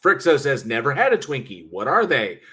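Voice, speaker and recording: A man's voice: mid-range voice, sing-song, moderate pace, pushed and bright. Middle-aged male stream host, mid-range voice, loose rambling chat with lots of cussing and chuckles while reading comments. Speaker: livestream host. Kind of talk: casual livestream chat reading viewer comments.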